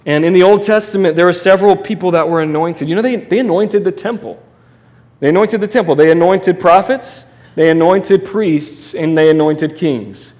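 A man preaching a sermon in a conversational, animated way, with restarts and asides. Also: sits high, normal speed. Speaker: pastor.

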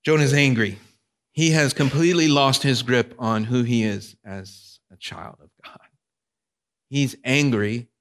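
A man's voice: medium pitch, unhurried. Male pastor, sermon delivery, conversational, engages listeners.

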